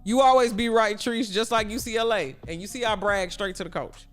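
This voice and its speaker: A man's voice: sits high, brisk, fairly bright tone, faint music behind. A man from Chicago hosting a casual sports livestream, chatty and answering his viewers' chat aloud. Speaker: livestream host.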